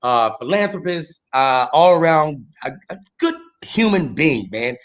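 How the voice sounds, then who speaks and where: A man who is a comedian, guest on a casual interview show, talking loosely and breaking into loud, animated mock outrage. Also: on the high side, unhurried.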